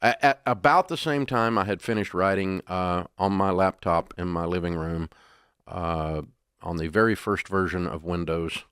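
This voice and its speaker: A deep-voiced man tells folksy, animated stories as an interview guest. His voice sounds dry and close, with no room echo. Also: normal speed, clear, resonant tone. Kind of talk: casual interview storytelling.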